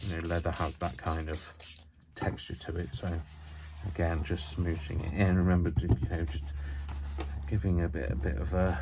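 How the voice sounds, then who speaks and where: A man's voice: low voice, level tone, normal speed, gravelly, loud music behind the voice. A man chatting his way through a hands-on craft tutorial at home, wandering off into self-mocking asides.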